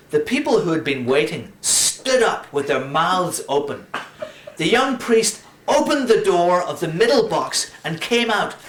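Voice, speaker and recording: Brief: male reader, wry first-person story, pitch leaping all over, roomy echo. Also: a bit bright. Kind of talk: storytelling narration.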